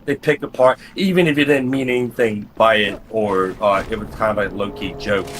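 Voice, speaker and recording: A man's voice: lowish voice, steady tone, brisk, a bit bright, slight background noise. Blunt, swearing young man. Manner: blunt, swears freely, repeats points. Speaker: gaming chat friend. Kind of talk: casual chat.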